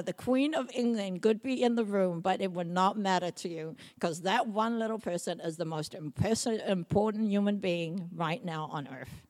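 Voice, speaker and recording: A woman's voice: mid-range voice, darkish tone. A middle-aged woman from Samoa, preaching a sermon as pastor in an emphatic, repetitive way.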